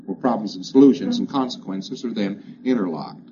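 A man giving a plainspoken, emphatic lecture to a congress, repeating phrases that trail off quieter each time. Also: fairly low pitch, expressive, normal speed. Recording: dull, hissy old lecture recording.

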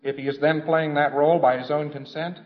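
A man's voice: on the high side, fairly even intonation, fairly quick, lo-fi sound. A man giving an informal lecture in a conversational, wry storytelling manner, slipping into quoted voices.

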